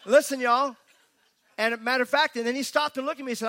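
A man preaches at a church service, his voice pitched high and ringing bright. He talks emphatically but conversationally, mixing the sermon with folksy asides. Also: normal speed, pauses often. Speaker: pastor.

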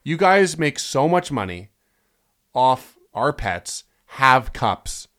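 A man's voice: mid-range voice, sing-song, takes it slowly. A man hosting a comedy podcast, telling stories animatedly with sarcasm and casual swearing. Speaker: podcast host.

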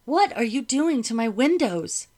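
A woman reading aloud, voicing an indignant, imperious lady of a colonial household, with a low gravelly voice. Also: normal speed, natural voice. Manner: imperious, affronted.

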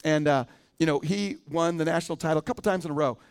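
A man's voice: fairly high pitch, fast, clean tone. A male pastor preaching a sermon in a conversational way, often asking the congregation questions.

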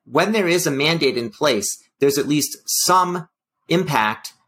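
Co-hosting a health policy talk show, a man with a somewhat high, slightly bright voice talks at a measured pace with lively intonation. He's wry and hedging in casual discussion, using many fillers.

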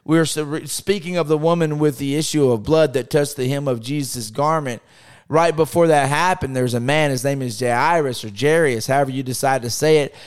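A man's voice: mid-range voice, fairly quick, clear, resonant tone. A man preaching a podcast sermon with impassioned rhetorical questions, acting out scripture quotes in his own voice.

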